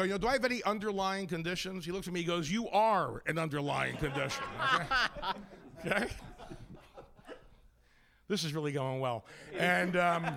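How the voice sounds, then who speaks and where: A man's voice: on the high side, fairly bright tone. A man doing a brash, jokey stand-up comedy set as a guest on a local TV show. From Ireland-descended American? no. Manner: brash, rapid jokey delivery with asides. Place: local TV studio.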